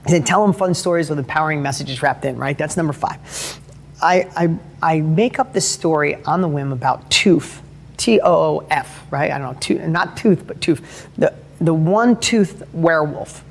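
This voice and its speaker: At a normal speed, a middle-aged man with a high-pitched voice gives an earnest motivational talk built around family stories, restarting and correcting himself often. A faint hiss or hum can be heard.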